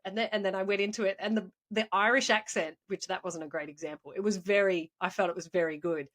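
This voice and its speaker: A young woman, a schoolteacher and podcast co-host, telling animated stories in casual chat and laughing often. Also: medium pitch, quick pace, few pauses.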